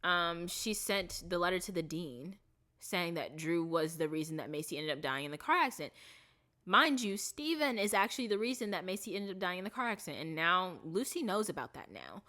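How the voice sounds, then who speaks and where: This woman vlogger gives an animated, fairly quick recap of a TV series, rambling with fillers and restarts in a voice on the low side. On the sad parts, her voice softens.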